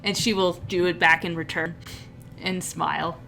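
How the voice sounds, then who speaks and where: A woman's voice: on the low side, steady tone, moderate pace, gravelly, pushed and bright, a little hiss or hum. A woman narrating a tabletop game as game master, describing scenes with frequent restarts.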